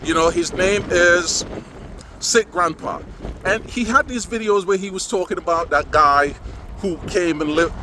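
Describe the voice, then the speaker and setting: A man recording a casual, sarcastic, rambling vlog outdoors, often saying "man" and talking while driving around town. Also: on the high side. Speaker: vlogger. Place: outdoors on windy streets, partly driving. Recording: outdoor wind and traffic noise. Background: wind and passing cars.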